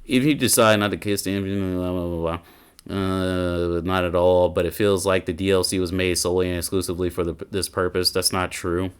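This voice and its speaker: A man's voice: low voice, fairly even intonation, quick pace, few pauses, smooth. A man doing a casual reaction commentary as a gaming YouTuber, ranting and swearing in an exasperated way.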